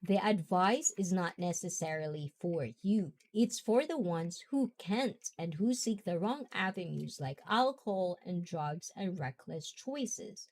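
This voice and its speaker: A woman's voice: on the low side, animated, unhurried, few pauses, darkish tone. A young woman hosting a casual talk, rambling and chatty, often laughing. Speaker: host.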